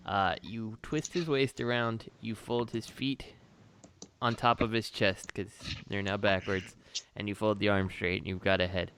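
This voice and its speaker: A man's voice: on the low side, steady tone, a little slow, fairly bright tone, a little hiss or hum. A man co-hosting a casual podcast chat, explaining details step by step. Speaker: podcast co-host.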